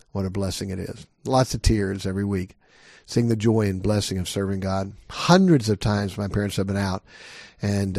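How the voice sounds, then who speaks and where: A man's voice: fairly low pitch, vocal fry, darkish tone, dry recording, studio quality. A middle-aged man preaching a sermon as a pastor, earnest and emphatic, pressing his listeners with repeated questions.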